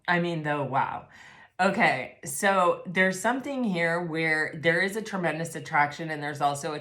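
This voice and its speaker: Excitable woman reading tarot, echoey room. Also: sits low. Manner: gushing, excitable, lots of fillers and "oh my gosh". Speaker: tarot reader. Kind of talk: casual tarot reading to camera.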